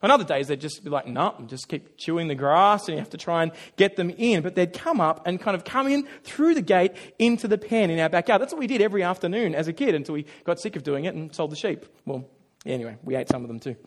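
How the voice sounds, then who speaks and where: A man with a noticeably high voice preaches a sermon, leaning into animated storytelling. He pokes fun at himself as he goes and slips into quick little voices to act out his stories. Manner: animated storytelling with self-deprecating humor. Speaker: pastor.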